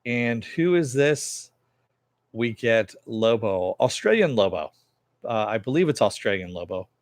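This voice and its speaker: A man's voice: medium pitch, very animated, a little slow, no room sound, studio quality. A man reviewing a TV episode in a casual recap, rambling with lots of fillers and some swearing.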